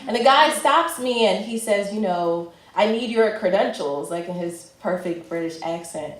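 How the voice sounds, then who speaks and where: A woman, a fashion entrepreneur, telling a personal story in a chatty, lively way with lots of filler words. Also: mid-range voice, normal speed, reverberant, rough recording. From United States.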